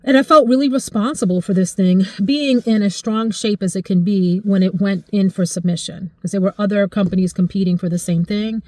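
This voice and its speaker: Expressive woman in her forties, dry close sound. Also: a little fast, few pauses, no echo. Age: 40s. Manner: expressive and emotional, voice jumping high in excited retellings. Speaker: vlogger. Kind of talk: casual life chat to camera.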